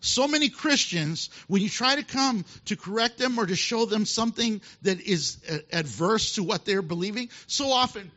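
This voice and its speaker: A male pastor preaching a sermon, telling a Bible story with animated asides and laughter. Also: high-pitched, normal speed, few pauses. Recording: dull lo-fi sound.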